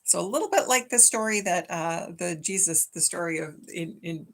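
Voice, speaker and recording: A woman's voice: lowish voice, expressive, moderate pace, fairly bright tone. A woman church minister giving a weekly message, telling a children's story from memory in a chatty, affectionate way.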